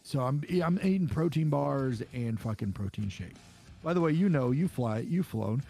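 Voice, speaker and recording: A male podcast co-host chats casually, swearing a lot and telling stories where he acts out the people he quotes in a higher voice. His delivery has lively intonation and a moderate pace, with vocal fry and a dark tone.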